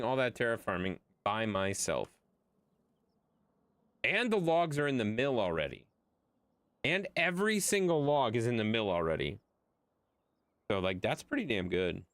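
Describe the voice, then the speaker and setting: A man's voice: mid-range voice, very animated, normal speed, pauses often, a bit bright, no room sound. A man chatting casually to his viewers during a livestream, rambling and swearing freely. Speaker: game streamer.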